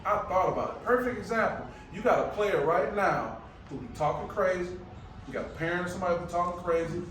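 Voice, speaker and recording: High-voiced man preaching motivation in echoey room. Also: fast, distant mic, a little hiss or hum. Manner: energetic, preacher-like call and response; casual, colloquial phrasing. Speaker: motivational speaker. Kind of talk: live motivational presentation. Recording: very echoey room, picked up from afar.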